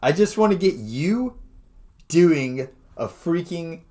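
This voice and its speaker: A man co-hosting a casual podcast, excitable and chatty, swearing casually and saying "dude" a lot. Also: a little high, slow pace. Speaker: podcast co-host. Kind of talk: casual chat.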